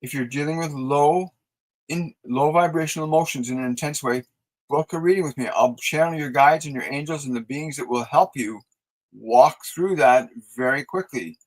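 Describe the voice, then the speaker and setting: Male psychic host, slightly high voice, gentle and slow guided-meditation delivery, live-stream chat replies. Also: poor audio. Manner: soft, slow, soothing guided instructions; reads viewer messages aloud and answers them. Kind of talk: live-stream spiritual guidance.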